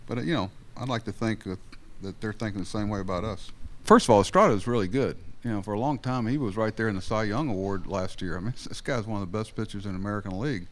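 An older man, a baseball manager, answering questions at a postgame press conference in a rambling, halting way with many fillers. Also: lowish voice.

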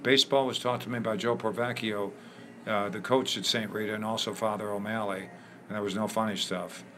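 An older man from Chicago, a guest in an interview, telling lively anecdotes with many fillers. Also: lowish voice, brisk, slight background noise. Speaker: interview guest, former ballplayer. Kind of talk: storytelling in a conversation.

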